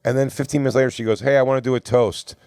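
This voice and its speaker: A man's voice: medium pitch, steady tone, rapid-fire, a little mellow, smooth, no room sound, studio quality. A man co-hosting a comedy podcast, telling a rambling, profane story and acting out what others said. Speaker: podcast co-host. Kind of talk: casual storytelling among friends.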